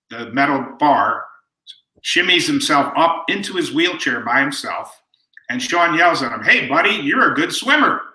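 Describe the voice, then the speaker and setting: Brief: man in his fifties, podcast guest, very bright and forceful tone, easy storyteller, echoey room. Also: medium pitch. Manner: relaxed anecdotal storyteller who acts out quoted lines. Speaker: guest author. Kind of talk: storytelling in conversation. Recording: roomy echo.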